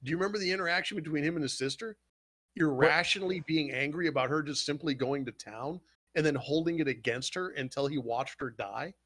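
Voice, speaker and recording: Animated man on a casual podcast. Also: a little high, a little fast. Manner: animated, swearing, retells scenes with quoted voices. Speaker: podcast host. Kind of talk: casual chat.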